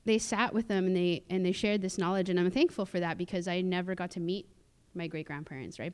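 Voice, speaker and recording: On a theatre stage, a Musqueam woman from Canada shares personal stories as a guest speaker at a cultural sharing, chatting casually with plenty of fillers, restarts and laughter. Her voice sits on the low side with fairly even intonation and a clear, resonant tone, and she talks briskly with hardly any pauses.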